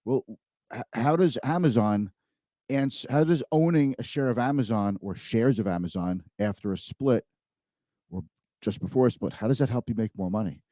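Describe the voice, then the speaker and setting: A man's voice: mid-range voice, moderate pace, warm tone, dry recording, clean studio sound. A man hosting a live-streamed finance talk show, speaking conversationally and emphatically, often repeating words.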